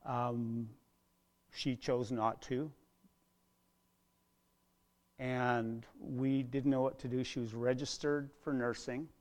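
A middle-aged man preaching a sermon as a pastor, earnest, dropping to a hush and then rising loud, often repeating words. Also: medium pitch, little pitch movement, slow, pauses often. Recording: long hall reverb.

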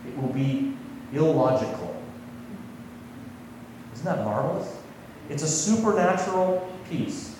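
A male pastor gives a sermon in a relaxed, conversational way, often turning to his listeners with questions. His voice sits a little high and moves with a lot of lift and fall. He sounds distant from the microphone, with a long hall echo around him. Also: a little slow, long pauses, a little hiss or hum. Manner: conversational, asks the congregation questions. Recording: echoey hall, voice from far off.

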